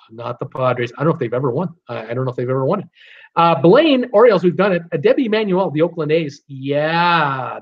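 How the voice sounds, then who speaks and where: Chatty man hosting a live trivia stream, slightly higher voice, dull lo-fi audio, lots of ums. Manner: chatty, reads viewer names and answers, frequent uh fillers. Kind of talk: casual live-stream chat.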